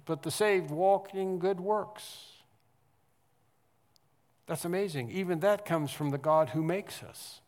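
Male pastor, fairly high voice, sermon in a church with long reverb, quiet-to-loud emphatic delivery. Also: slow pace. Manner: swings from quiet to loud emphatic passages, repeats for stress.

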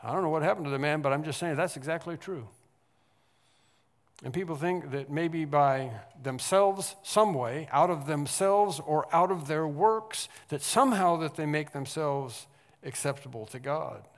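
Male pastor, fairly high voice, sermon in a church with long reverb, quiet-to-loud emphatic delivery. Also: moderate pace. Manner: swings from quiet to loud emphatic passages, repeats for stress.

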